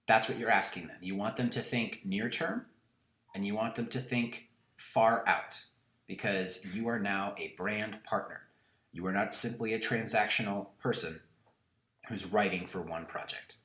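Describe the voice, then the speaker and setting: A man's voice: on the low side, a bit bright. Man teaching in an echoey room. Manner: instructive, repeats key questions slowly and deliberately. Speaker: course instructor. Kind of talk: recorded online lesson.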